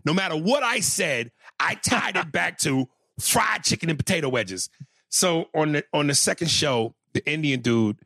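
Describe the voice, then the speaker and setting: Gravelly, animated comedian telling a story. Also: male voice, on the high side, no echo, clean studio sound. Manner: profane, animated, with many restarts. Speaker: stand-up comedian. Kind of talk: casual storytelling.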